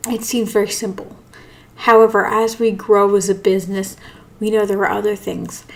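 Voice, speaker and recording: A woman's voice: medium pitch, little pitch movement, moderate pace, vocal fry. Tired yawning woman host. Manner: apologetic, rambling. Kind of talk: casual live talk.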